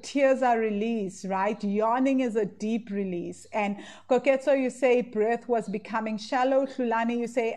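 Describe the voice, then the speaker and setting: A woman's voice: a little high, darkish tone. Encouraging woman leading a class. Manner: encouraging, many fillers and 'right?' tags. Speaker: online class facilitator. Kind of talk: live online class, reading participant comments.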